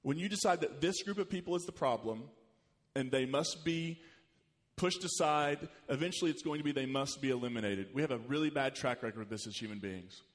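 A man preaching a sermon as pastor, animated, rising in pitch and volume when he quotes scripture. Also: a little fast. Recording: long hall reverb.

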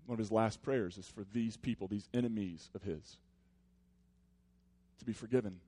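Here a male pastor gives a sermon to his congregation, earnest and conversational, with stretches that turn soft and reflective. His pitch is fairly low and his speed normal.

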